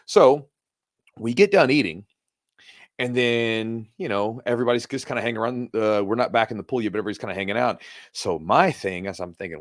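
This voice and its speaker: A man co-hosting a casual podcast and telling a long, animated story, acting out the other people's voices as he goes. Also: on the low side, fairly quick, dry recording, clean studio sound. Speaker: podcast co-host. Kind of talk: casual chat.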